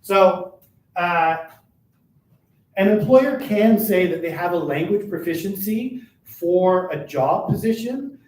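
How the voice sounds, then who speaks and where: An older man giving a live workshop talk, who talks fast and keeps checking in with "right?". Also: high voice, a little mellow. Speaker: workshop presenter for a workers' advocacy centre. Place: meeting room at a chamber of commerce. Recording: roomy, distant, faint noise.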